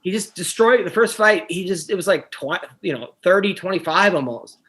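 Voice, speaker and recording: A man who coaches wrestling, co-hosting a casual podcast chat in a rambling way that gets animated when he is annoyed. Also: sits high, moderate pace. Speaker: podcast co-host.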